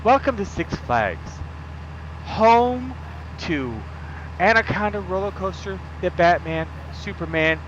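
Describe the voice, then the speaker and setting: A booming male theme park announcer, put on by a gamer bellows his attractions with drawn-out, pitched-up hype. The promo voice is loud and slow. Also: lively intonation, muffled recording, slight background noise, heavily acted. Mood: hyped.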